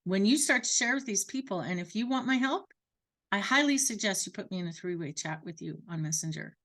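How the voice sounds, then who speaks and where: A woman voicing a persuasive saleswoman, speaking softer and lower. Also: lively intonation, brisk. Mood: coaxing. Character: persuasive woman selling wellness products.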